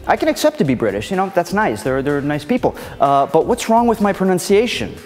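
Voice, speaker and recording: Guy hosting a goofy comedy show, kinda high voice, playful and fake-offended, reverby with music under it. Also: big pitch swings, brisk. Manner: playful, mock-indignant, theatrical. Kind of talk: comedic scripted presentation.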